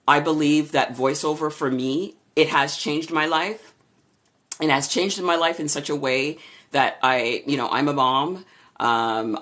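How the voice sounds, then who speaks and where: A woman voice-over artist with a low voice, casually chatting on a live stream and greeting viewers by name as she answers their questions. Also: a bit bright. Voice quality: low-registering voice. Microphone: camera or phone for a live stream.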